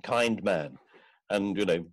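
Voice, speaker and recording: A man guest on a podcast, telling animated stories about old friends in a casual chat. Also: low-pitched, takes it slowly, dry recording.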